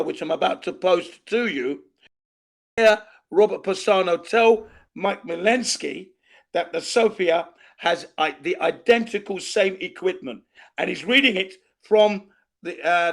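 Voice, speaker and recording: A man's voice: high-pitched, measured pace, creaky, fairly bright tone. A man in a heated online debate who keeps repeating himself to push his point through interruptions. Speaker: debate panelist.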